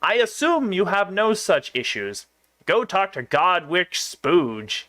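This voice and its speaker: A brash, gruff female newspaper editor, as a man puts her on, with a put-on Southern American newsy drawl. The tone is bright and cutting, pitched a touch high. She hustles and sells every line like a headline. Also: very animated, takes it slowly, exaggerated voice. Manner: brash, showy, salesman-like.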